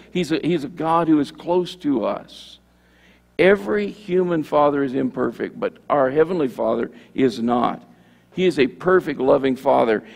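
A man's voice: on the high side, creaky. A male pastor preaching a sermon in a conversational way, repeating phrases and acting out sample prayers. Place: church sanctuary. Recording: long church hall reverb.

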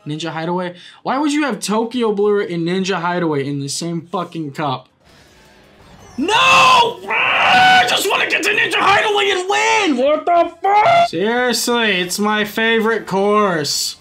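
A young man giving excitable, profane live commentary while racing in a kart game, often yelling at it. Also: high voice. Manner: excitable, swears a lot, yells at the game. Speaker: gaming YouTuber.

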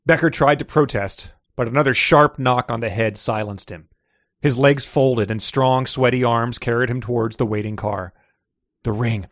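A man's voice: mid-range voice, moderate pace, a bit bright, no room sound, clean studio sound. Man reading aloud on a podcast. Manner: reads prose with light character voices, laughs often. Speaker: podcast co-host reading excerpts.

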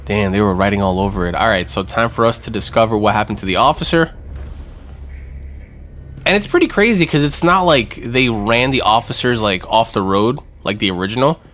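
A man hosting a gaming channel, giving excitable let's-play commentary with swearing and jumpy reactions. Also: on the low side, fairly quick, a little hiss or hum.

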